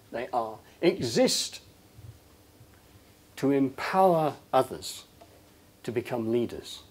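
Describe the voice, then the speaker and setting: A man giving an impassioned, emphatic inspirational talk to an audience, swinging between loud passages and hushed ones. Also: fairly high pitch. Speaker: public speaker.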